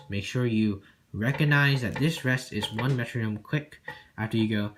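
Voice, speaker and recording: A man's voice: medium pitch, normal speed, a bit bright. A man teaching a cello piece, singing the rhythms aloud as "da, da" and often checking in with "okay?", with casual apologetic asides. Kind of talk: music lesson walkthrough.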